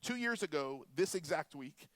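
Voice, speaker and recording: A man in his forties from Florida, preaching a sermon with animated, humorous storytelling. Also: a little high, moderate pace. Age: 40s. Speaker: pastor.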